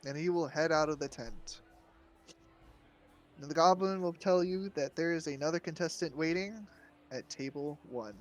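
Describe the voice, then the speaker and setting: A man running a tabletop game as game master, relaxed and often laughing. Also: a little high, moderate pace.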